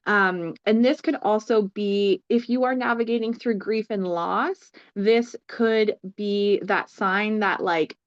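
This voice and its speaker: A woman's voice: mid-range voice, slow pace, few pauses, clear, resonant tone, highs cut off. A woman co-hosting a casual chat about tarot cards, thinking aloud with many fillers. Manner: thoughtful, lots of fillers. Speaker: tarot reader and co-host.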